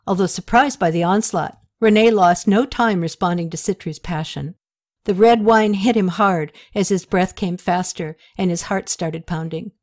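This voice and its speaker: A woman narrating an audiobook in a steady, even reading manner. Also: medium pitch, no room sound, studio quality.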